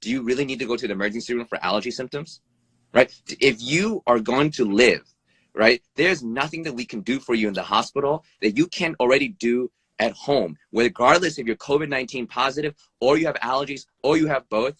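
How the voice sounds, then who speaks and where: Fast, blunt, swearing ER doctor. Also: male voice, slightly rough, dry recording. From United States. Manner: blunt, swears freely, keeps adding "right?"; animated, pitch jumps up and down. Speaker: emergency room doctor. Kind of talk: interview over a live video stream. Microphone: phone or video call mic.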